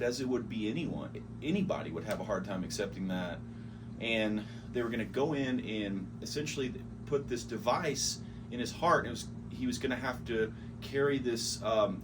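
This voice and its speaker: A man with a Texan accent, hosting his own podcast and telling a personal story in a casual, rambling way. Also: medium pitch. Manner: conversational, rambling, with fillers. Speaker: podcast host. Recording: distant mic with background noise.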